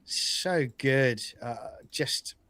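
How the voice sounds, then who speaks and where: A man co-hosting a casual live podcast, his voice at an ordinary male pitch and sounding dry and close. He speaks with eager enthusiasm and stumbles over his words now and then. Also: pushed and bright, clean tone, no room sound. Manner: enthusiastic, nostalgic, a little halting. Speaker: podcast co-host.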